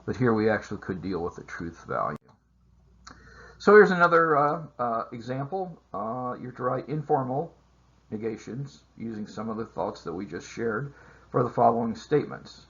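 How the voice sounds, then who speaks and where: A man teaching a math lesson over slides, explaining steps in a measured way with frequent filler sounds. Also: medium pitch, lively intonation, a bit bright, husky, highs cut off. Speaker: math instructor. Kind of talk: recorded lecture over slides.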